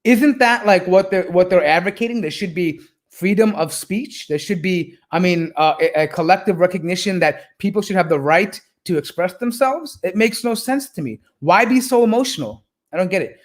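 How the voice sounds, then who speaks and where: A man's voice: sits high, moderate pace, hardly any pauses. A man hosting a live reaction stream, talking casually with a mocking, rambling manner and many fillers. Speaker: reaction video host.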